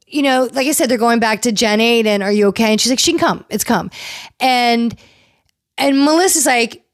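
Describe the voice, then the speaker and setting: A woman hosting a casual recap show, chatty and animated, acting out quotes from the people she talks about. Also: a little high, no echo, studio quality. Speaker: podcast host recapping reality TV.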